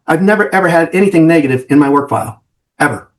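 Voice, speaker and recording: A man's voice: a little high, fast. A middle-aged man and trading mentor talking straight to camera in an emphatic vlog, repeating phrases and asking "right?" after his points.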